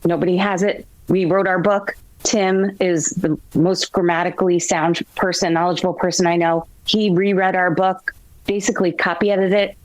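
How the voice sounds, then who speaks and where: A woman being interviewed as a grammar expert, telling lively classroom stories. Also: on the low side, no echo, low-quality recording. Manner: storytelling, animated quotes. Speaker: guest, grammar expert and author. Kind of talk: interview conversation.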